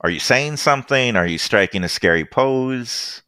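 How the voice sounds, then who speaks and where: A man narrating as game master of a tabletop game, easygoing and halting, with many fillers. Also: lively intonation, sharp tone, clear, resonant tone, dry recording, clean studio sound. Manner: easygoing, halting with fillers, brief squeaky voices for side characters.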